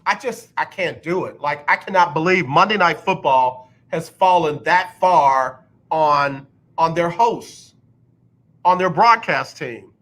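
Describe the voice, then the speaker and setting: A man's voice: fairly high pitch, expressive, slow, fairly bright tone. A man hosting a sports talk radio show, ranting bluntly and repeating his points for emphasis. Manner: mocks others with exaggerated announcer impressions. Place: radio studio.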